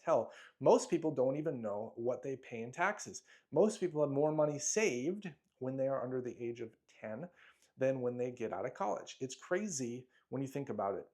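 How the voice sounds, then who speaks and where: A self-help speaker with a mid-range, slightly mellow voice reads aloud from his own money booklet in a motivational style. He is emphatic and declamatory, using short punchy phrases and the occasional off-script aside.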